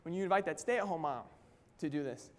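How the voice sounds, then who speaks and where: A man giving an energetic motivational talk at a company event, constantly firing questions at the audience. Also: a little high, fairly quick. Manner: energetic, keeps quizzing the audience. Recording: long hall reverb.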